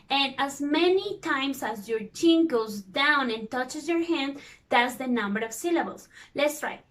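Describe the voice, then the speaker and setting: A woman's voice: high voice, a bit bright. A woman teaching a lesson for young learners, patiently repeating words and spelling out their vowels. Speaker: English teacher.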